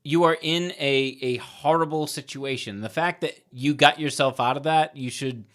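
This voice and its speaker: Bright-voiced man, earnest podcast host. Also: medium pitch, moderate pace. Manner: encouraging, earnest. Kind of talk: casual supportive chat.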